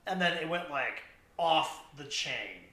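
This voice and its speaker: Man, podcast host, casual rambling talk, slightly high voice, roomy echo. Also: big pitch swings, slow pace, sharp tone, a little hiss or hum. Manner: rambling, filler-heavy storytelling. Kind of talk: casual chat. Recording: echoey room.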